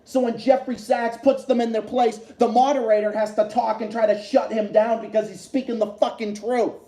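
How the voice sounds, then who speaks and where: A man's voice: very high voice, level tone, normal speed, warm tone, roomy sound. A man hosting a livestream, ranting heatedly about politics with lots of profanity and repetition. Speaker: livestream host.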